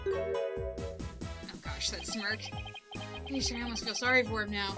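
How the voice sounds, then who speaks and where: A woman's voice: on the high side, measured pace, pauses often. A woman playing a game and commenting casually, thinking aloud as she reads the screen. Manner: casual, thinking aloud while reading dialogue. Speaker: game player. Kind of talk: let's play commentary. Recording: game music playing underneath.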